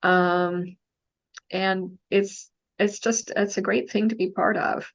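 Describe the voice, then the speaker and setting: A woman with a Texan accent, a mystery novelist answering interview questions in a thoughtful, casual way with many pauses and fillers. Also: mid-range voice, fairly even intonation, vocal fry, muffled recording. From Texas, USA.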